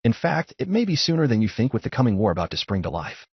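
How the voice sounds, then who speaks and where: Cryptic, unsettling young male ninja, read by a man: cool, condescending, husky tone, dry dull recording. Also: mid-range voice, fast, no echo. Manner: calm, casually condescending.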